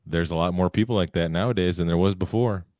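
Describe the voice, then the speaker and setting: A man's voice: deep voice, quick pace, darkish tone. A man co-hosting a podcast, telling stories in a laid-back, joking way. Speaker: podcast co-host. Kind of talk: casual chat.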